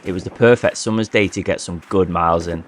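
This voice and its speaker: A man narrating a travel vlog and talking to camera while hiking outdoors, in a relaxed, chatty and enthusiastic way. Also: low-pitched, quick pace, a little hiss or hum. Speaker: hiking vlogger. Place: outdoors on a coastal hike.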